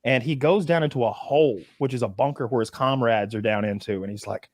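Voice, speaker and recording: A man's voice: medium pitch, a little fast, no room sound. A man on a casual podcast, telling a story with acted-out quotes and a lot of swearing. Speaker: podcast co-host.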